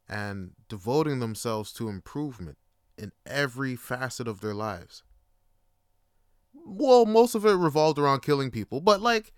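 A man hosting a solo podcast, rambling in a casual, profane, jokey way and slipping into quick impressions. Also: medium pitch, a bit bright, smooth, no echo, studio quality. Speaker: podcast host.

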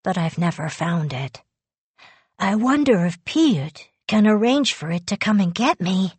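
A shy, serious young boy, calm and earnest, speaking slowly in a low, breathy tone, as a woman reads him aloud. The audiobook voice is close and dry, with no room around it. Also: no room sound. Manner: calm, earnest, softly matter-of-fact. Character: quiet, serious young boy who believes he is an alien.

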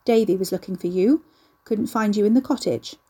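A woman voicing a gentle but stern old grandmother who talks in a level, scolding tone. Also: medium pitch, brisk, breathy edge, close to an everyday voice. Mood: gently stern.

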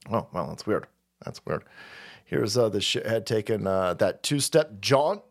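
A man's voice: mid-range voice, sing-song, moderate pace, gravelly. A man hosting a stream with a crude, profane political rant, mocking and laughing at his own jokes and muttering asides. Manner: rambling, trails off and mutters asides. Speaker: streamer host.

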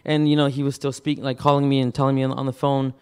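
A man preaching, telling a personal story in a halting way, with many repeated words and restarts. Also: mid-range voice, little pitch movement, a little mellow, clean tone. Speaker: pastor. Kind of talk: sermon testimony.

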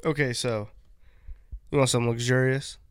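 A man's voice: mid-range voice, fairly even intonation, normal speed, smooth, dry recording, clean studio sound. Joking man playing a blunt car salesman. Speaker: podcast co-host. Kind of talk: casual chat with improvised role-play.

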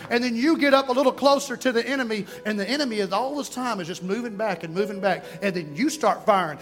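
A man's voice: very high-pitched, a little fast, in a large hall, faint music behind. A man, preaching a sermon in a church and calling the congregation to respond. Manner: animated preaching with call-and-response. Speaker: pastor. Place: church sanctuary.

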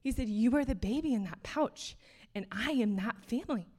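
A woman's voice: on the high side, lively intonation, moderate pace, a little mellow. Earnest young woman preaching a sermon. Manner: earnest, casual, many fillers, laughs between points. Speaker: speaker.

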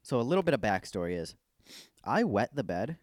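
A man's voice: medium pitch, very animated, brisk, no room sound, clean studio sound. A young man in casual chat, making wry, teasing remarks. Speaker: podcast co-host.

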